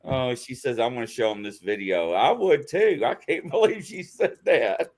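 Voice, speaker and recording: A man's voice: medium pitch, animated, moderate pace, darkish tone. A man hosting a live chat show, laughing a lot and talking. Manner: laughs a lot, spelling out names while typing. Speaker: show host. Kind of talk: casual live-stream chat.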